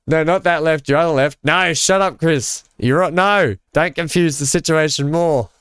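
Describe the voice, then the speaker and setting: This Australian live-stream gaming host talks casually with his audience while playing, laughing and cracking jokes often. He speaks a little high, with a fairly bright, smooth tone. The recording is dry and of studio quality.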